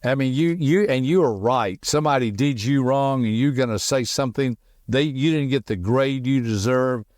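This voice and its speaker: A middle-aged man hosting a motivational podcast, talking quickly and emphatically in a folksy way, with personal stories. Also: medium pitch, darkish tone, dry recording, studio quality. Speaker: podcast host and personality teacher.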